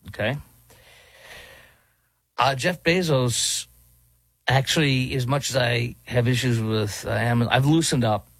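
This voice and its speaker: A man's voice: fairly low pitch, dry recording, poor audio. A man guest-hosting a talk radio show, speaking in a casual, conversational way with frequent fillers and restarts.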